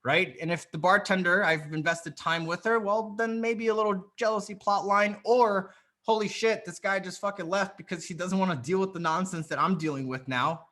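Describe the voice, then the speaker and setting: A man's voice: sits high, moderate pace, hardly any pauses, pushed and bright. A man coaching a group on a video call, talking bluntly and confidently with plenty of swearing. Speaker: dating coach. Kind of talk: live coaching session.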